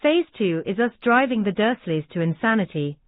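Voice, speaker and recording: A woman's voice: medium pitch, lively intonation, moderate pace, no room sound, natural voice. Woman reading as a bitter scheming girl. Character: orphaned girl, plotting and bitter. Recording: dry, tinny phone-like sound.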